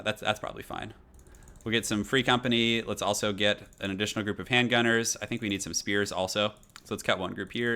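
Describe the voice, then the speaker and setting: During his live gaming stream, a young man speaks into a desk mic with a fairly low-pitched voice. He's laid-back and chatty, wandering through conversation as he reads out messages from chat.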